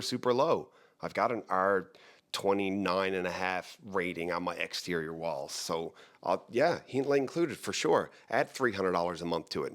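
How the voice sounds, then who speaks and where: A man with a very low, deep voice talks casually to the camera as the host of a real estate show. He rambles and jokes, stops himself mid-thought, and restarts his sentences. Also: fairly bright tone. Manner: rambling, joking, self-interrupting.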